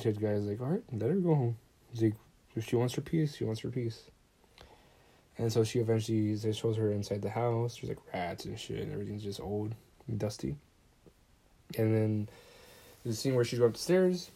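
A man's voice: on the low side, mellow. A young man casually recapping a movie on his podcast, rambling, swearing often and quoting the characters. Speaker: podcast host.

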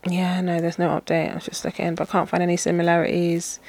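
A woman co-hosting a podcast, chatting casually with a giggly, animated way of telling stories. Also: fairly low pitch, fast, no echo. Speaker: podcast co-host. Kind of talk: casual chat.

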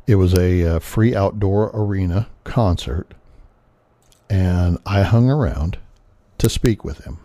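A man's voice: low voice, dark tone, dry recording. A man in his sixties hosting a podcast, telling personal stories in a casual, earnest way with some swearing. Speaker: podcast host.

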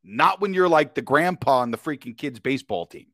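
A man's voice: mid-range voice, expressive, fairly quick, pushed and bright, no echo, clean studio sound. A man, a podcast guest, telling a story in casual chat, talking in slang and keeps asking "you know what I mean".

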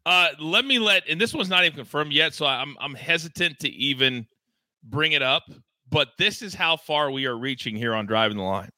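A man's voice: on the high side, animated, moderate pace, sharp tone, dry recording. A man hosting a live sports betting show, talking in a hyped, emphatic, promotional way. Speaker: host.

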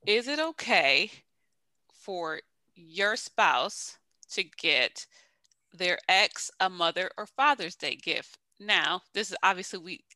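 A woman's voice: fairly low pitch, expressive, slow, bright, forceful tone, no echo. A woman podcast co-host chatting casually and teasing her friends. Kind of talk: casual chat.

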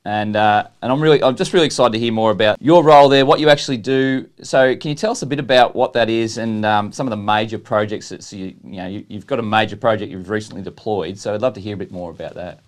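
A man's voice: on the low side, steady tone, fast, hardly any pauses. A man with an Australian accent hosting a casual interview podcast, joking and laughing at his own bad jokes. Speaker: podcast host.

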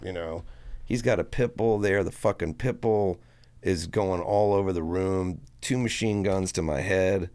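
A man telling a story to a podcast host in a casual, profane, animated way, acting out what people said. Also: low voice, unhurried. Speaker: guest musician.

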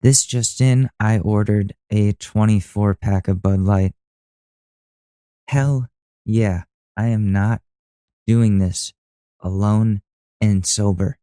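Young guy ranting and cussing on his podcast, kinda low dark voice, dry close sound. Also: fairly even intonation, slow, long pauses, clean tone, no room sound. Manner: profane, exasperated, ranting. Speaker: podcast host. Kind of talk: casual rant to camera.

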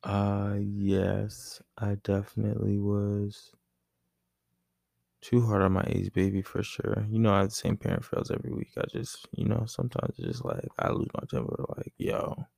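Man, 30s, podcast co-host; very deep, lively pitch, teasing and relaxed, dry close mic. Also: creaky, no room sound. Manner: laid-back, teasing, quick laughs. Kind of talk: casual chat.

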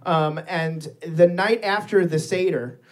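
A man's voice: high-pitched, slow pace. A man telling a crude story in casual podcast chat, swearing freely and laughing as he goes. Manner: profane, animated storytelling with frequent laughs.

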